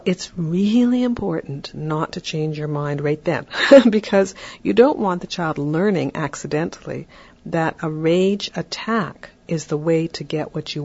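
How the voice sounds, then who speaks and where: A podcast host giving parenting advice in a calm, explanatory way, often checking in with "right?". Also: medium pitch, vocal fry, lo-fi sound.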